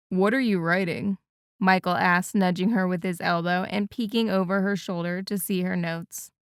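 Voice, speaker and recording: A woman reads an audiobook in an even, measured voice. Her tone is smooth and resonant, and the close recording is dry, with no room sound. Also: mid-range voice, dry recording. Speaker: audiobook narrator. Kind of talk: scripted narration.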